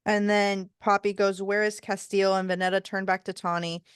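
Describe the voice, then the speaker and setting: A woman co-hosting a casual book podcast, retelling the plot with animated quotes and sarcastic, swearing asides. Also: medium pitch, a little fast, clear, resonant tone, no echo, studio quality. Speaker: podcast co-host.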